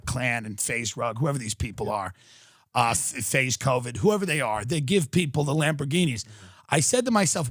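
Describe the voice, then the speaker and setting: A man in his thirties with a slightly high, fairly bright voice hosts a podcast, recorded at studio quality with no echo. His comedic rant is sarcastic and mock-outraged, full of swearing and acted-out quotes.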